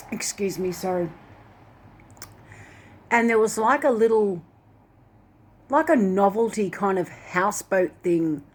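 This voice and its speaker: A woman casually retelling a dream in a rambling way, full of fillers like "like" and "and that". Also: on the low side. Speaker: Christian video host.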